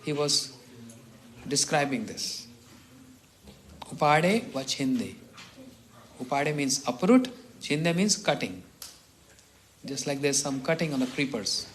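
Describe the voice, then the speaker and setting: A middle-aged man from India, a monk telling stories in a morning talk who chuckles often and clears his throat. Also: medium pitch, expressive, slow, pauses often, a bit bright, a little hiss or hum. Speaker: monk teacher.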